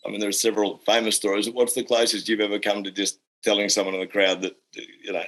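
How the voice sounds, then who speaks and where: A man's voice: lowish voice, flat delivery, quick pace, a bit bright, poor audio. A man with an Australian accent hosting a casual interview, rambling with fillers and restarts. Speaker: host.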